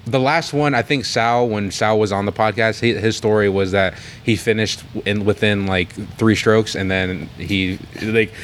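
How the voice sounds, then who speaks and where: Man hosting a podcast, lowish voice, playful, laughs a lot, faint room hum. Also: fairly even intonation, moderate pace, few pauses. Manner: laughs often, playful, tries impressions. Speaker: podcast host. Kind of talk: casual chat.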